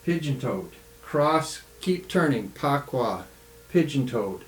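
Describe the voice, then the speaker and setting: A man teaching tai chi in a home studio, calmly calling out the steps of a follow-along routine. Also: mid-range voice, faint music behind. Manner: calm, relaxed, calls out steps slowly. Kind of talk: follow-along movement instruction. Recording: echoey studio room.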